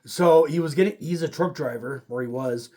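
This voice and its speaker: A man's voice: fairly high pitch, dark tone. A man co-hosting a casual podcast, a bit tipsy, telling stories with many stumbles and restarts. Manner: halting, stumbles and restarts, anecdotal. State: tipsy from beer. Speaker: podcast co-host. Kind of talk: casual chat.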